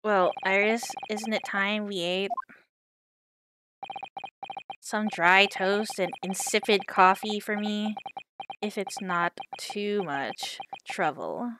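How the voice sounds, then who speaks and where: A woman voicing a gloomy, theatrical male detective who grandly mourns his lost violin playing, with game music clearly behind. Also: mid-range voice, slow pace, background noise, close to an everyday voice. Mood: despondent. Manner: melodramatic, sighing, grandiose.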